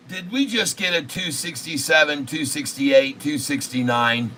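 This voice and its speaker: Excitable man hosting a slow trading stream. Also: fairly high pitch. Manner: excitable, repetitive, crude jokes, loud outbursts. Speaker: day-trading livestream host. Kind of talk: casual live stock-trading stream.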